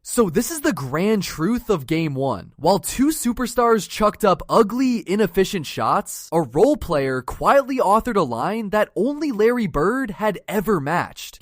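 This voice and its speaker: A narrator giving a scripted basketball stats breakdown, with a lively voice that swings up and down in pitch. The delivery is punchy and lands hard on every number. The recording is dry and close, with no room sound. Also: dry recording. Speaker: sports video narrator.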